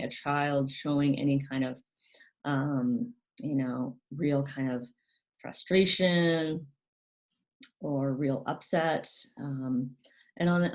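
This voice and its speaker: Woman, low-pitched, soft-spoken, hesitant fillers, informal educational talk. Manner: soft-spoken, frequent ums, quotes parents in a higher, sharper voice. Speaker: channel host.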